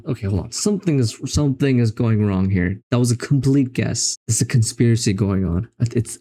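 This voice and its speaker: A man's voice: mid-range voice, gravelly, warm tone. A young man hosting a gaming video, talking casually through daily geography puzzles in a self-mocking, exasperated way. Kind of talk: casual commentary while playing.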